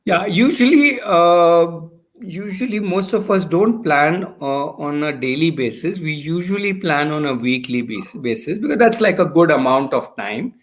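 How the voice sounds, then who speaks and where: A man, a founder in a relaxed conversation, explaining his ideas patiently with examples and frequent restarts. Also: a little high, normal speed. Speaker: founder of a learning community, guest. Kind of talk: casual conversation.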